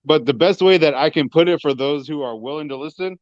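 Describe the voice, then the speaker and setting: A man's voice: a little high, a little fast, dry recording. A young man speaking as a guest over an online call, hesitant and leaning on "you know" as he makes his point. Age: young adult. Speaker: guest on a livestream. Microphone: online call connection. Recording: dull, dry lo-fi call audio.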